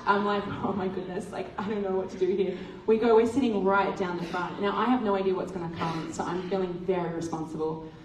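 A woman giving a testimony sermon at church, telling a lively story and acting out the dialogue. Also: mid-range voice, a little fast, hardly any pauses, a little hiss or hum. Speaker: church speaker. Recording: roomy hall from a distant mic.

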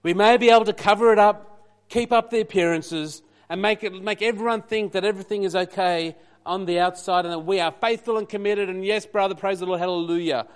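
Male preacher, high pitch, animated sermon delivery with quiet asides. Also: a little fast, clean tone. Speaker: pastor.

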